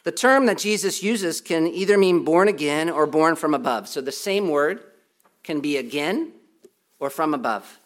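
Guy preaching, fairly high voice, hammers the point over and over, cracks jokes at himself. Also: expressive, normal speed. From United States. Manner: emphatic, repeats key points, self-deprecating humor. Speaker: pastor. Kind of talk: sermon.

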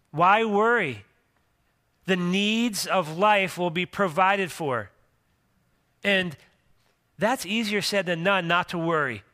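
A middle-aged male pastor preaching with a high, bright, forceful voice. He talks to the congregation conversationally, tossing in jokes and restarting sentences as he goes. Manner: conversational, joking asides, frequent restarts. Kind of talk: sermon.

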